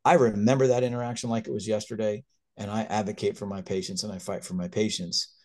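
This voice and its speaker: A man in his fifties, a physician and guest, telling stories in an animated, earnest way that turns emotional. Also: on the low side, fast. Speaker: critical care physician, guest. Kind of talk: conversational storytelling.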